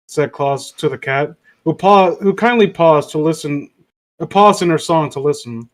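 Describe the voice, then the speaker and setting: A man's voice: fairly high pitch, animated, moderate pace. Man reading aloud, stumbling and correcting. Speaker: storyteller. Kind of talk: casual read-aloud of a classic story.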